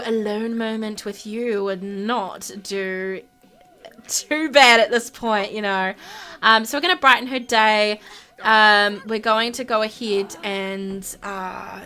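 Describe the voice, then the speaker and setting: A woman's voice: fairly high pitch, pushed and bright, clean tone. A woman hosting a gaming channel, giving casual, chatty gameplay commentary full of fillers. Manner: chatty, bubbly, lots of fillers.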